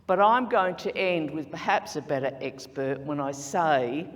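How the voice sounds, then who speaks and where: A woman's voice: low voice, a little slow. A woman with an Australian accent giving an earnest, persuasive contest speech in a large conference hall.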